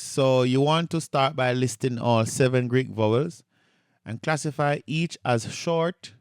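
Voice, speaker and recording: Male lecturer, mid-pitched, patient and repetitive, close dry mic. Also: smooth, dry recording. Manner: patient, repeats key points, checks in with "right?". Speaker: Greek instructor. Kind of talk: recorded online lecture.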